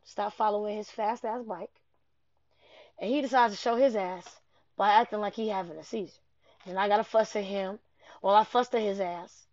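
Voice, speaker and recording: A young woman telling a rambling, profane personal story in an animated way. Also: on the high side, dry recording. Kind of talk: casual personal anecdote. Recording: dull lo-fi dry recording.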